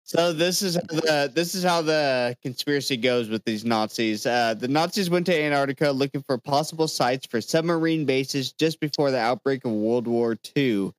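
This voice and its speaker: A man's voice: mid-range voice, normal speed, few pauses, no echo. A man co-hosting a casual podcast, joking and swearing freely as he tells a conspiracy story. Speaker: podcast co-host. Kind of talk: casual banter.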